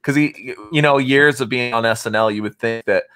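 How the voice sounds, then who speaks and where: A man's voice: medium pitch, brisk, pushed and bright, clear, resonant tone. A man chatting casually on a podcast about a film, hesitant and filler-heavy. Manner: hesitant, lots of fillers and restarts. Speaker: podcast co-host.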